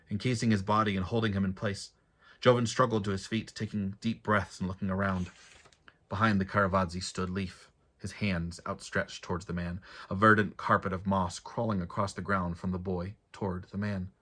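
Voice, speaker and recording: A man, an author, reading his own fantasy novel aloud in a steady, measured way. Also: low-pitched.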